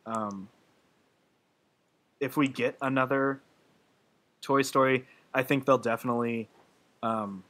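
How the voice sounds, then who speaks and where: A man's voice: medium pitch, fairly even intonation, slow pace, pauses often, a bit bright. A man co-hosting a movie podcast, talking in an emotional, laughing way in casual chat. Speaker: podcast co-host.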